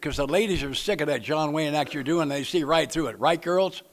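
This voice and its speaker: A man's voice: on the high side, a little fast. Folksy man leading a study. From Nashville, Tennessee. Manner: folksy, plainspoken, joking with the audience. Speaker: recovery meeting speaker leading a book study. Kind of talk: speaker-meeting talk to a group.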